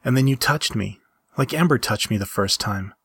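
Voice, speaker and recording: A man reading a story aloud and voicing an earnest young woman who once was powerful, speaking in a soft, halting, confiding way. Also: mid-range voice, creaky, breathy edge.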